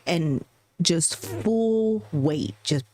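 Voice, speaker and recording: A middle-aged woman co-hosting a podcast, telling a story in casual chat and mimicking people with high, exaggerated voices. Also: expressive, very slow, dark tone, slight background noise. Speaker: podcast co-host.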